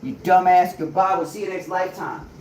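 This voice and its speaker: A man's voice: sits high, fairly quick, darkish tone, slight background noise, voice pushed up, close to an everyday voice. A man voicing a dismissive ex-wife in a raised, sneering voice, recorded from far off in an echoey room. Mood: scornful. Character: scornful departing ex-wife, woman, dismissive. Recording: echoey room, mic far off, crowd behind.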